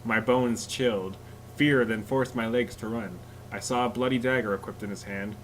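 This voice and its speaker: A man's voice: on the low side, fairly even intonation, normal speed, a bit bright, slight background noise, low-quality recording. A man reading a scary story aloud to friends, often laughing and stopping to joke about it. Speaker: story reader.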